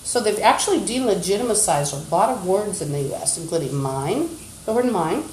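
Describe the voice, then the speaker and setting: A woman's voice: mid-range voice, expressive, moderate pace, a little mellow, echoey room, slight background noise, poor audio. A woman livestreaming, ranting in an agitated, insulting, accusatory way into a phone. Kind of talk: rambling livestream rant.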